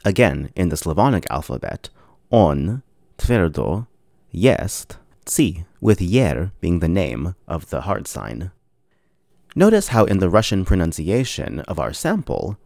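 A man with a deep, low voice gives a scripted podcast lesson, rising and falling expressively as he explains. He spells things out slowly and carefully. The recording is close and dry, with no room sound. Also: very animated, vocal fry, a little mellow, no room sound. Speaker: podcast teacher.

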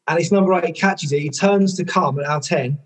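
A man, a former rugby player and coach, telling stories in a podcast conversation, lively, with lots of "like" fillers and casual swearing. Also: on the high side, a little fast. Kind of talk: conversational storytelling.

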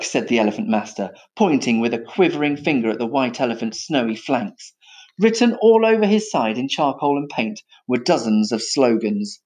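A man narrating a children's story in an expressive reading. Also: medium pitch, normal speed.

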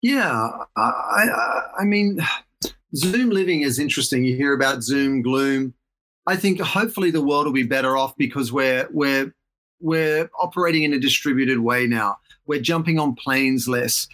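A man's voice: mid-range voice, normal speed, fairly bright tone. A middle-aged Australian man in a casual interview, talking reflectively and rambling with restarts. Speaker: guest.

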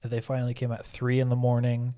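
A man's voice: mid-range voice, completely flat delivery, fast, mellow. A man chatting casually as a podcast co-host, rambling through a story with lots of fillers and swearing. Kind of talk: casual chat.

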